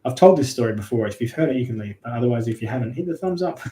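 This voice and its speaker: A man chats loosely through a livestream story, filling his pauses with ums. His voice is dark and mellow. The room gives his voice a noticeable echo. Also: medium pitch, expressive, far from the mic. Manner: loose, chatty, many fillers. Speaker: livestream host. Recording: roomy echo.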